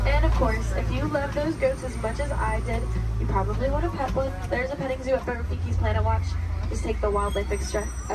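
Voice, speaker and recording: A woman's voice: fairly high pitch, far from the mic. A woman guiding a safari ride, giving scripted tour narration with chatty, jokey patter from an open-air truck. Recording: loud vehicle noise outdoors.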